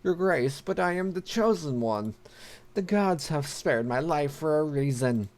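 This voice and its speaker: A man's voice: a little high, expressive, a little slow, darkish tone. A man voicing a sly male prisoner pleading piously to be released. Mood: wheedling. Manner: wheedling, mock-pious. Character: sly male prisoner feigning religious conversion.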